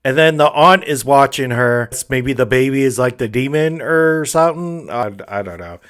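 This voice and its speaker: A man's voice: mid-range voice, expressive, moderate pace, a bit bright, clean tone. Laid-back guy with a crude, sarcastic edge; casual comedic recap. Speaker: movie recap host.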